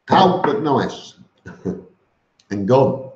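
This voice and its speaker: Very slow and very animated, a man with a medium-pitched, slightly mellow voice answers live chat on his stream, reading comments out and replying bluntly and matter-of-factly. He chats casually with lots of fillers, restarts, and the occasional "mate," in roomy, dull lo-fi audio.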